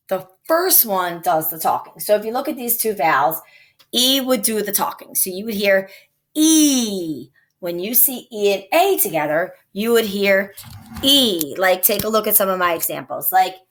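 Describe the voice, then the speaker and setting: A woman's voice: medium pitch, fairly bright tone. A woman teacher giving a recorded phonics lesson to young children, patiently sounding out each word. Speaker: elementary teacher.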